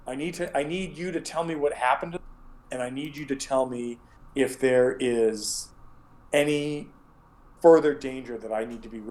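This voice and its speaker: An earnest, flustered woman sheriff, put on by a man running a tabletop game. She speaks haltingly, stumbling through restarts and fillers as she asks for help. The delivery stays plain and close to an everyday voice. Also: mid-range voice, a little mellow, natural voice, rough recording.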